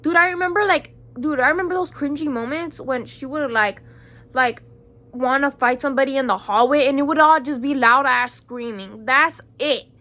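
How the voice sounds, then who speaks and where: A woman's voice: sits high, normal speed, sharp tone. A young woman with a Chicago accent telling a heated, profane storytime vlog, packed with "like" fillers. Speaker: vlogger.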